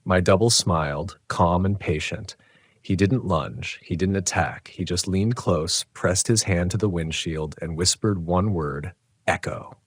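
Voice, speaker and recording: A man telling a first-person horror story in a tense, dramatic, measured way. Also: sits low, dry recording. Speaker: narrator.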